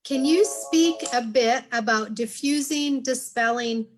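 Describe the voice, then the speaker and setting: A woman moderating a webinar, reading out audience questions in a brisk, businesslike way. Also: fairly high pitch.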